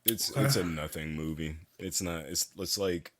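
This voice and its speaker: A man hosting a casual podcast chat, laughing loudly and talking in a drawn-out way. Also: deep voice. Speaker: podcast host.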